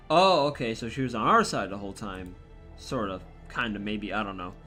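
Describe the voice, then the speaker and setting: A man's voice: lowish voice, lively intonation, normal speed, bright, forceful tone, soft background music. A man hosting a let's play, making wry, joking asides as casual game commentary.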